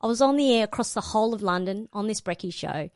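A middle-aged woman, a radio presenter appearing as a guest in a panel conversation, tells a personal story and acts out the quoted lines in an animated, quick, medium-pitched voice. The studio sound is clean with no echo.

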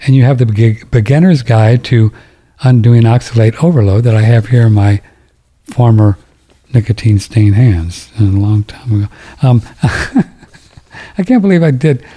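A man's voice: medium pitch, normal speed, mellow. An older man hosting a talk radio show, rambling and joking through his ad reads with many restarts. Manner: rambling, jokey, self-interrupting.

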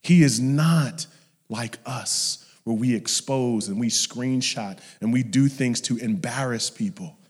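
A man preaching a sermon, telling stories and acting out his parents, dropping to hushed whispers and rising to loud shouts. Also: medium pitch, unhurried, hardly any pauses, husky. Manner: storytelling, acts out family members in his anecdotes. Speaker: pastor. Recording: long hall reverb.

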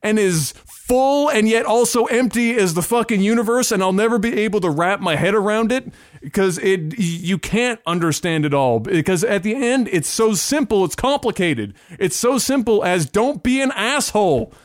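High-voiced ranting podcast man. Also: expressive, moderate pace, no room sound, clean studio sound. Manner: emphatic, ranting, repeats words while searching; swears freely. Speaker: podcast co-host. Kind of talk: casual chat.

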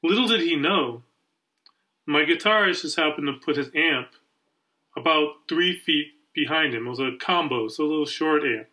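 A man co-hosting a podcast talks at an ordinary speed in a voice on the high side, captured on a rough recording. His long, casual story comes alive as he acts out each person's voice.

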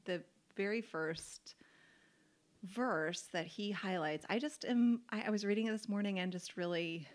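A woman co-hosts a relaxed faith podcast in an easy conversational voice. She talks in a chatty way, full of "like" fillers, and laughs readily. She presses hard on the words that matter to her. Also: medium pitch, a little slow. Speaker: podcast co-host.

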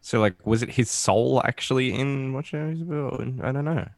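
A man's voice: mid-range voice, brisk, vocal fry, dry recording. A man co-hosting a casual podcast chat, laughing often and swearing casually. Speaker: podcast host.

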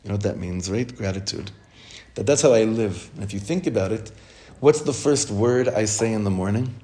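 Earnest mellow-voiced rabbi teaching. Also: male voice, lowish voice, moderate pace. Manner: asks the listeners questions, then answers them; heartfelt, repeats phrases for emphasis. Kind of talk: Torah class for women.

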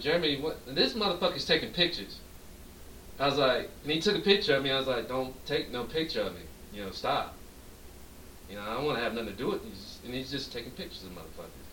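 Man, podcast co-host, lively swooping voice, profane storyteller, echoey room, distant mic, faint hiss. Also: mid-range voice. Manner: animated, profane, acts out quoted dialogue. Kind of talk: drunk storytelling chat.

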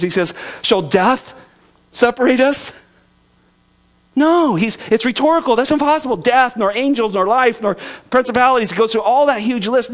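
High-voiced man preaching a sermon. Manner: earnest preaching, swings from soft and slow to loud and emphatic. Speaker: pastor.

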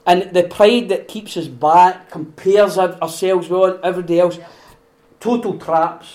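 A Scottish man hosting a podcast and preaching in a conversational way, animated, laughing often and acting out voices. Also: high-pitched, a little slow. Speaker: podcast host.

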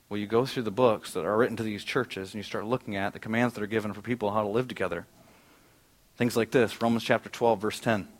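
Middle-aged man, pastor, conversational sermon, rhetorical questions, medium pitch. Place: dark church auditorium.

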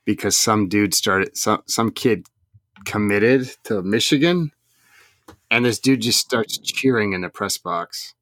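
A man's voice: on the low side, slow, fairly bright tone. A man co-hosting a casual podcast, telling rambling stories with dry humor. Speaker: podcast co-host, recruiting reporter. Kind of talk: casual chat.

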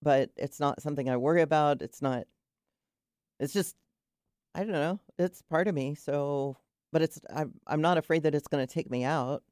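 A middle-aged woman chats on a radio talk show, rambling warmly from one story to the next with frequent restarts. Her voice is recorded close and dry, with no room sound around it. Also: deep voice, normal speed, dry recording. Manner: chatty storyteller, trailing restarts. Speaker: guest, cold-water swimmer. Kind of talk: casual radio chat.

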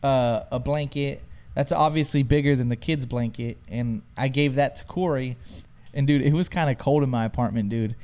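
A man's voice: medium pitch, moderate pace. A young man hosting a podcast, telling a story in casual chat, acting out what people said and saying "dude" a lot. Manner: animated storyteller, says "dude" a lot, acts out quotes. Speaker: podcast host.

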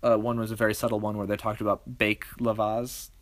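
Brief: podcast co-host, woman with a very low voice, measured and explanatory, dry close sound. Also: level tone, no room sound. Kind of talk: casual chat.

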